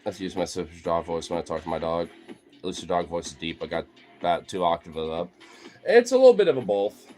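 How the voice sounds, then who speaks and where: Young man, playful pet talk, very animated pitch, faint background music. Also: fast. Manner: playful, swings into high cooing pet talk. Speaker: dog owner vlogger. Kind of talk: casual talk to his pet dogs.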